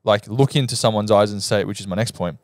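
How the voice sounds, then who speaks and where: A man's voice: on the low side, quick pace, no echo, studio quality. A young Australian man co-hosting a casual podcast, explaining his points step by step and telling stories with animation. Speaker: podcast co-host.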